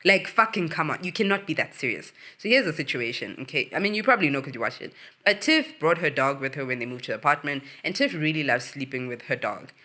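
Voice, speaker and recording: A woman hosting her own show, giving a casual, animated recap of a reality series, swearing freely and ranting with big swings in her voice. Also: low-pitched, quick pace. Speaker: host.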